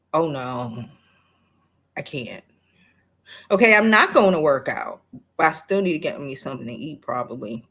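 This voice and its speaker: A woman's voice: mid-range voice, a bit bright. A woman hosting a casual vlog from her apartment, telling stories with laughter and swearing, and reacting to her viewers. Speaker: vlogger host. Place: apartment in a large city.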